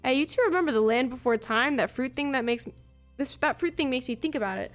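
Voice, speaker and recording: A chatty, upbeat young boy from a story game, voiced by a woman. He sounds easygoing and talkative, fairly high in pitch. Faint music sits underneath. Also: animated, fast.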